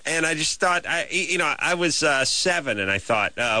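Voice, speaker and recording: Bright, wisecracking male radio host. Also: fairly high pitch, lively intonation, normal speed, dry recording. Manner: wisecracking, riffing. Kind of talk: casual call-in chat.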